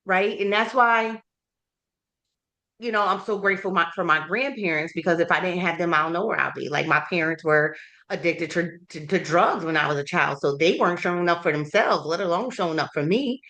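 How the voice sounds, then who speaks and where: A woman's voice: lowish voice, fairly quick, pushed and bright. A woman in her thirties hosting a candid conversation, telling personal stories in a reflective, emotional way. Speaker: podcast host.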